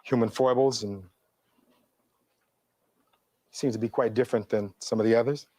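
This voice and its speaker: A man's voice: medium pitch, fairly even intonation, moderate pace, darkish tone, dry recording. A middle-aged man, a defense attorney giving a courtroom closing argument, reading testimony aloud and posing rhetorical questions in an oratorical way.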